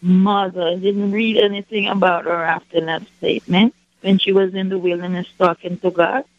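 A woman's voice: lowish voice, level tone, normal speed, no room sound. A woman calling in to a radio show, politely asking a Bible question. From New York. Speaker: caller. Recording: dull phone-line caller audio.

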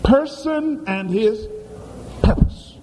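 Dramatic male preacher with a lively voice. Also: slow pace, long reverb tail, a little hiss or hum, poor audio. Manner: dramatic storytelling with sudden leaps in pitch; calls on the congregation to answer. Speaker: pastor. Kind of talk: sermon. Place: church.

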